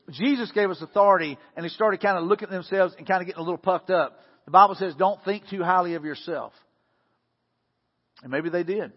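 High-voiced pastor preaching in an echoing hall. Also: male voice, breathy edge. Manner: conversational, repeats words, acts out prayers and quotes with rising force. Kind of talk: sermon. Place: church sanctuary. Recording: dull lo-fi sound with long hall reverb.

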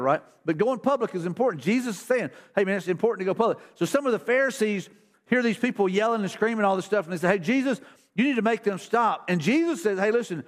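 High-voiced folksy pastor. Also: male voice. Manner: casual, folksy, repeats words and restarts. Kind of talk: conversational sermon. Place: church sanctuary.

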